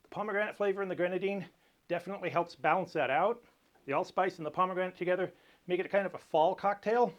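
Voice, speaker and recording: Male cocktail host, slightly high voice, dry jokey explainer. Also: fast, highs cut off. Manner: dry, lightly joking explainer. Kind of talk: casual cocktail tutorial.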